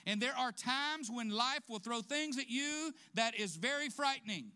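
Bright, high-voiced preaching man. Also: lively intonation, normal speed, clear, resonant tone. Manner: preaching directly to the congregation, rising emphasis, asks questions; laughs between points. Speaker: pastor. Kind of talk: sermon.

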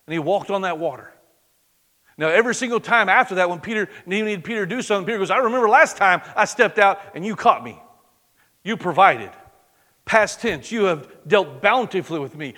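A man preaching a sermon in church, swinging from loud exclamation to hushed, intimate prayer. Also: high-pitched. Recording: long reverb of a large hall.

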